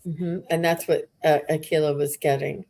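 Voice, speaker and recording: A woman hosting a live mediumship reading, relaying messages slowly with halting pauses. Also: deep voice, level tone, creaky, a little mellow. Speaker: psychic medium host.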